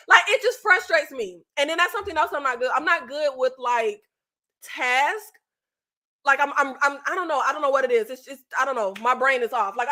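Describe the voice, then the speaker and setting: A woman with a high, bright voice chats casually with her viewers on a live stream. She talks in an animated, unfiltered way, swears freely and circles back with fillers and restarts. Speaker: YouTube host. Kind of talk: casual live chat with subscribers.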